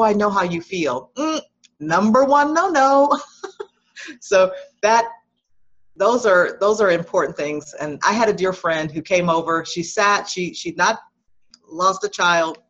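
A middle-aged woman, a guest in an interview, speaking in a reflective, gentle and advising way over dull lo-fi remote audio. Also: fairly low pitch. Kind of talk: conversational interview.

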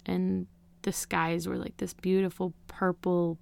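A woman's voice: lowish voice, flat delivery, measured pace, vocal fry, a little mellow, smooth. A woman, as an interview guest, candidly recounts a personal story in an earnest, emotional way, often leaning on "you know" and "like.".

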